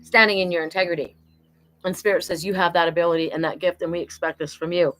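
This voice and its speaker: A woman's voice: lowish voice, fairly even intonation, fast talker, a bit bright, poor audio. A woman doing a live oracle card reading, passing on spirit messages in an earnest, enthusiastic way.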